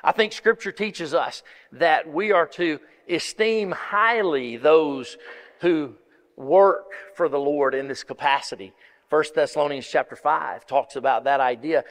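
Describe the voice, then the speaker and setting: A man's voice: a little high, a little slow. A man preaching and giving announcements in a church, folksy and rambling with many restarts. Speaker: pastor. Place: church sanctuary. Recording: long reverb of a large hall.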